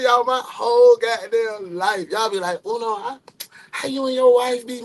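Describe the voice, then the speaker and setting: A man whose voice sits unusually high for a man hosts a live stream in casual chat. He is loud and jokey and swears freely as he talks to his viewers. He sounds like a young adult. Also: normal speed. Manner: loud, joking and profane.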